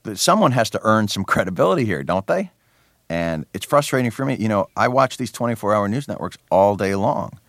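A man from New Jersey, a guest in a radio interview, talking with a wry, sardonic edge and lots of quick restarts. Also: fairly low pitch, animated, a bit bright, dry recording, clean studio sound. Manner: many restarts and fillers. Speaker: interview guest, comedy show host.

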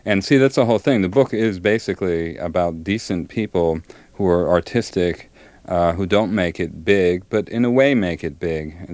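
A middle-aged man, a novelist, answering interview questions thoughtfully with many pauses and fillers, and reading from his book. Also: deep voice, a little mellow, dry recording.

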